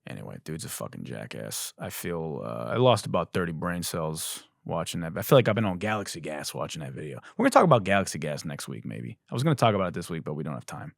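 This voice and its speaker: A man rants through a comedy podcast monologue, spinning puns and swearing freely. His pitch leaps around animatedly and his voice has a slight hoarseness. The sound is dry and close, with no room around it. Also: quick pace, hardly any pauses, no room sound. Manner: riffing wordplay, profane, animated. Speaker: podcast host.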